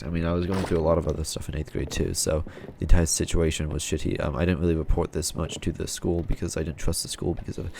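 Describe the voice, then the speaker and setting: Young man, very low voice, casual rambling storyteller, frustrated, swears freely. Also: vocal fry, a little mellow, slight background noise. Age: young adult.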